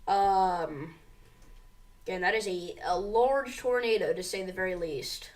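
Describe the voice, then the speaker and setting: A woman's voice: lowish voice, takes it slowly, recorded from a distance. A woman hosting a live severe weather stream, reading tornado warnings aloud with urgency and talking straight to her viewers. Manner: urgent, reads warnings aloud, addresses viewers as you guys. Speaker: severe weather livestream host. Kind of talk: live storm coverage commentary.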